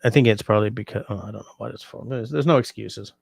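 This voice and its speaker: A sleepy, yawning man hosting a livestream, chatting casually and reading out viewer comments in a relaxed, rambling way. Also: on the low side, fast talker, gravelly, husky, no room sound. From Canada. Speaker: livestream host.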